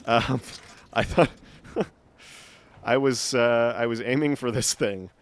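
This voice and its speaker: A man's voice: medium pitch, slow pace. A man streaming live gameplay, chatting and muttering to himself with frequent swearing.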